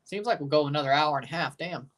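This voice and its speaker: A man's voice: fairly high pitch, fast, a bit bright, far from the mic. A man hosting a livestream, giving casual, offhand reaction commentary with muttered asides and casual swearing. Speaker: livestream host.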